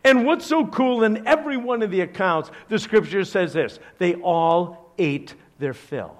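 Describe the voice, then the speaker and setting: An older man preaches with a high, very lively voice that rises and falls across the phrases. He takes his time, slowing to let points land, and tells the story with playful asides. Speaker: pastor. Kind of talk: sermon.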